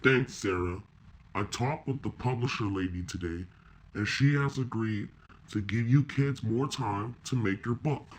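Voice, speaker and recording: An actor voicing a kind grown-up fish who mentors a kids' comic club. He speaks in a calm, gentle and encouraging way in an animated film. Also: lowish voice, unhurried, background noise, close to an everyday voice.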